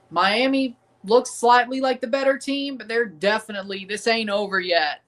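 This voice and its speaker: Southern US man, streamer host, bright voice, rambling and defiant, repeats lines. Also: very high voice, moderate pace, few pauses, low-quality recording. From American South. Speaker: streamer hosting a match watchalong. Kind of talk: casual livestream commentary.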